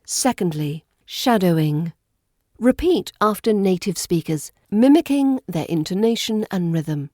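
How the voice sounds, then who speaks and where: For a podcast, a woman with a British RP accent gives a scripted accent lesson in an upbeat, playful teaching tone. Her mid-range voice is lively in intonation, unhurried and darkish, recorded in studio quality without echo.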